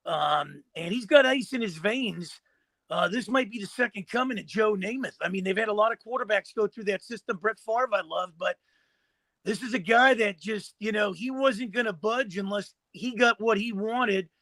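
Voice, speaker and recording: A man's voice: high voice, normal speed, a bit bright, no echo. A man co-hosting a sports talk show, telling a story with colorful comparisons. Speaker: co-host.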